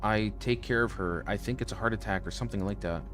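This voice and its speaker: A man's voice: fairly low pitch, quick pace, a bit bright, soft background music. A man streaming a horror game, reading its lines aloud with joking asides. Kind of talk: casual let's-play commentary.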